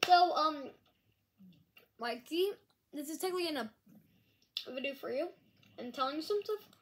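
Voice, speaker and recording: A woman talking casually to camera in a rambling, halting apology vlog. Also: high voice, a little hiss or hum. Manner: rambling, halting, with frequent restarts. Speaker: vlogger. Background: dog nearby.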